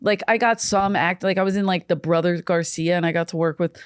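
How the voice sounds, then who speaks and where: A woman's voice: lowish voice, fairly quick, clean tone, no room sound. Profane storytelling woman, dry close mic. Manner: profane, animated, acts out quoted voices. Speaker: comedian guest. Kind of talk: storytelling in casual chat.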